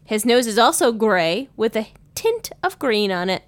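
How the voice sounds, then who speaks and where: A woman's voice: on the high side, very animated, a little slow. A woman co-hosting a podcast, reading out facts in easygoing casual chat. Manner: reads facts aloud in an easygoing way. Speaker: podcast co-host.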